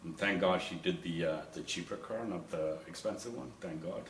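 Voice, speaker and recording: A man doing stand-up, rambling through stories with lots of fillers and quick impressions of others. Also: sits low, roomy sound, recorded from a distance, slight background noise, poor audio. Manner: rambling with many fillers, mimics wife and officer. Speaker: stand-up comedian. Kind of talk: stand-up storytelling.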